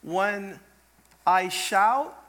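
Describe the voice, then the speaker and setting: A pastor's high, bright voice carries through the church as he preaches in short phrases. He is emphatic and now and then breaks into loud, shouted quotes. He waits after each line for an interpreter. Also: animated, drawn-out words. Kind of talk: preaching a sermon with live interpretation.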